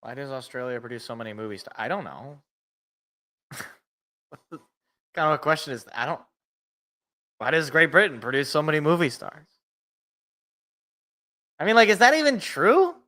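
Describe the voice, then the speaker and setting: A young man with a high, bright voice hosts a live game reaction. He rambles in casual chat, trips over his words and restarts sentences, then slips into calling each play himself. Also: sing-song, moderate pace, long pauses.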